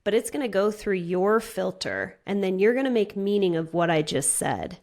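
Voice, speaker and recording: Woman therapist explaining calmly. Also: mid-range voice, moderate pace. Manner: clear, explains step by step with examples. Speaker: marriage therapist, guest. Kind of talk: explanatory interview talk.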